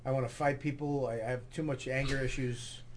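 A man telling an animated story as a comedian guest, swearing and acting out quotes loudly. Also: mid-range voice, brisk, a little hiss or hum. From New York area.

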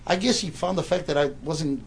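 A man's voice: on the high side, a little fast, vocal fry, husky. A man in his sixties casually telling a rambling anecdote, stammering and repeating words as he goes.

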